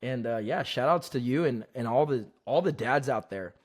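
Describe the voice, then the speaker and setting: A man's voice: medium pitch, moderate pace. A man talking as a podcast guest in a casual, joking and upbeat chat.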